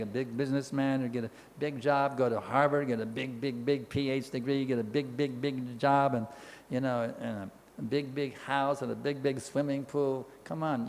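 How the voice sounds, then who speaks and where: A man giving an animated scripture lecture, telling stories, acting out voices and chanting with playful repetition. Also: mid-range voice, vocal fry, long reverb tail, slight background noise.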